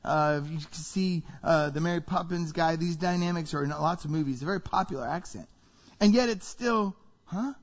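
A man preaching a sermon to a congregation, animated and full of rhetorical questions. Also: a little high, brisk. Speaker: pastor. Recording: reverberant hall, dull sound.

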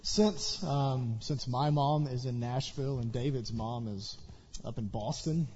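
A man's voice: mid-range voice, measured pace, darkish tone, muffled recording, a little hiss or hum. Earnest man praying in church. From Tennessee. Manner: earnest, heartfelt, stumbles and repeats words. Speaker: pastor leading prayer. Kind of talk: church talk and spoken prayer.

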